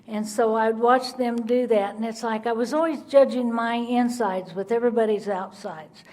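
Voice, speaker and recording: A woman giving her Al-Anon recovery testimony, telling her story in an animated way and acting out the people in it. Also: fairly high pitch, moderate pace. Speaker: Al-Anon speaker.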